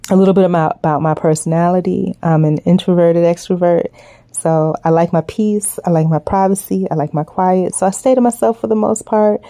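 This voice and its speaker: A woman's voice: on the low side, mellow, no echo. A woman making a casual, earnest appeal to viewers to support her sticker collection, rambling with many fillers. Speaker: small business owner promoting her sticker collection. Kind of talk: casual direct-to-camera appeal.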